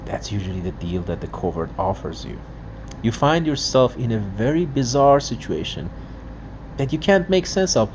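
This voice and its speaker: An emphatic man talking straight to camera in a personal monologue. His pitch is medium and swings widely, and he often stumbles and restarts. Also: sing-song, moderate pace, a little mellow, a little hiss or hum. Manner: emphatic, acts out dialogues, frequent restarts. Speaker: father and video blogger. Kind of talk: emotional monologue commentary.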